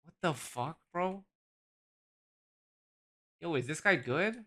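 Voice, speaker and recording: A man's voice: a little high, expressive, slow, sharp tone. A young man streaming a game, rambling casually to his chat with swearing and restarts.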